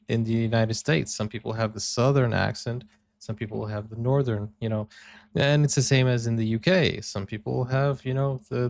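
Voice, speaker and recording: A man's voice: medium pitch, creaky, no echo. A man hosting a reaction video, chatting and explaining how sounds and accents differ. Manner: chatty, explains language points to viewers. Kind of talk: casual reaction commentary.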